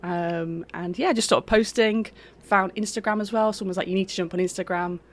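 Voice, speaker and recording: A woman's voice: mid-range voice, fairly even intonation, brisk. A woman guest on a podcast, chatting casually with a joking, self-deprecating manner. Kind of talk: casual chat.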